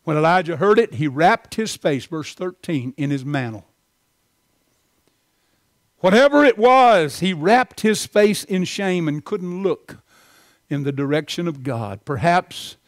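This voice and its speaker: A man preaching a sermon from the pulpit, swinging from loud, impassioned lines to soft, quiet ones. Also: fairly high pitch, no room sound, clean studio sound. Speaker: pastor.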